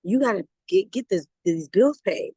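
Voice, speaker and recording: A woman rallies her sales team over a video call. She talks casually, restarts her sentences and laughs between thoughts. Her voice sits at a middle pitch, and the sound is dry and close. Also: normal speed, slightly rough, no room sound, poor audio. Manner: animated, conversational, repeats words, laughs while talking. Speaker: network marketing team leader. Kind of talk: motivational talk on a video call.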